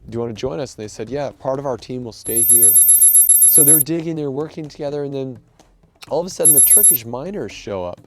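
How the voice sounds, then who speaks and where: A man recounting his time as a volunteer rescue worker, telling the story in a casual, animated way with many restarts. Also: medium pitch, a little fast. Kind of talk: casual spoken recollection.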